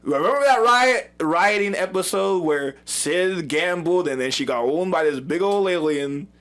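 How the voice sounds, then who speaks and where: A man co-hosting a casual fan review chat, animated and excitable, laughing often. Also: high-pitched, a little slow. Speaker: co-host of a fan review show.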